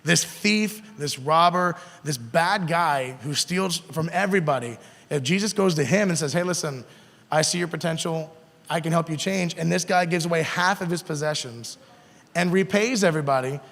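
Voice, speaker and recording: A man's voice: on the high side, normal speed, vocal fry, a bit bright. Youth pastor man in a reverberant room. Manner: conversational, asks the kids questions. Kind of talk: youth group sermon. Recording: long hall reverb.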